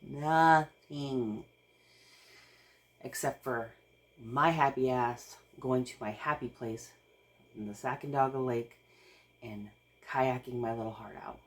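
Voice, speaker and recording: A woman, talking slowly to her camera. Her voice sits low, and she sounds overwhelmed and close to tears. She rambles, stops and starts, and laughs nervously. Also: fairly even intonation. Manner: rambling with restarts and sighs. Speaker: vlogger. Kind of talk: casual vlog talk to camera.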